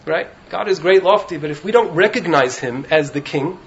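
A man giving an animated Torah talk as a rabbi in a study hall, often asking "right?" to his listeners. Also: a little high, moderate pace, dull audio. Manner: animated, keeps checking in with "right?". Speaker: rabbi teaching in a yeshiva.

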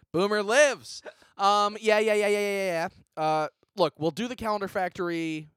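A man co-hosting a comedy podcast, rambling through deadpan jokes with frequent restarts. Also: high-pitched, moderate pace, clean tone, no echo, clean studio sound. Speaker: podcast co-host.

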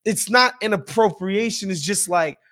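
Man, podcast host, high pitch, emphatic and profane rant. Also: lively intonation, normal speed, bright, forceful tone. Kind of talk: casual opinionated chat.

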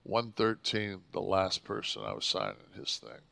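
A man's voice: low-pitched, sing-song, moderate pace, vocal fry, no echo. Profane older man telling stories. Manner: swears constantly, acts out his own shouting in stories. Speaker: podcast co-host. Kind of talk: profane storytelling chat.

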